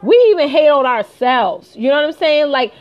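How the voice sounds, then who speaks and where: A woman's voice: sits high, moderate pace, muffled recording. A woman speaking straight to her viewers in a motivational live stream, emphatic and repeating her points. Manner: emphatic, repeats phrases, addresses viewers directly. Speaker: home business consultant.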